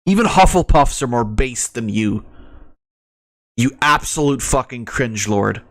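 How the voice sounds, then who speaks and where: A male streamer ranting through reaction commentary, swearing freely and breaking into laughter. His pitch swings widely, and the sound is dry with no room echo. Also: expressive, measured pace. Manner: profane, ranting, laughs often.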